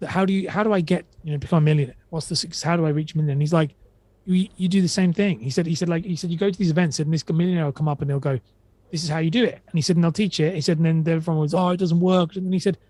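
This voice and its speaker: A man's voice: a little high, steady tone, rapid-fire, mellow, no room sound. A man on a podcast who chats casually, rambling and retelling quotes with many restarts. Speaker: podcast guest. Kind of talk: casual conversation.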